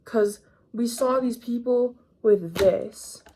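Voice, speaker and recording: With slight background noise behind her, an eighteen-year-old woman vlogs about her day, slangy, casual and rambling. Her voice is warm, on the high side and slow, and she's a little sick, coughing up phlegm.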